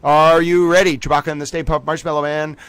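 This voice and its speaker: A man's voice: on the high side, flat delivery, fast, fairly bright tone, clear, resonant tone, dry recording, poor audio. Playful man hosting a livestream. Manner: playful, rambling, mock-grand asides. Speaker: livestream host. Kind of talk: casual commentary livestream.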